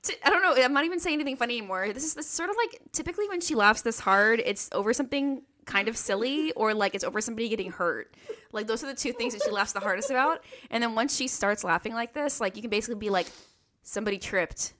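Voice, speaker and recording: A woman's voice: on the high side, expressive, quick pace, fairly bright tone. A woman co-hosting a podcast in casual chat, playful and teasing with a rambling way of talking. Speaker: podcast co-host.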